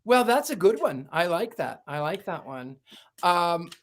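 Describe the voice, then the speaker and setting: A man's voice: high-pitched, very animated, measured pace. Chatty male host, loose and rambling, repeats words as he starts sentences. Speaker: livestream host. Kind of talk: casual chat.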